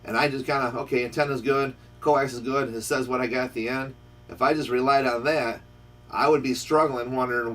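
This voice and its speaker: A man's voice: mid-range voice, steady tone, a little fast, a bit bright, a little hiss or hum. A man hosting a casual radio-shop chat, rambling through a story and acting out both sides of the dialogue. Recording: voice picked up from a distance.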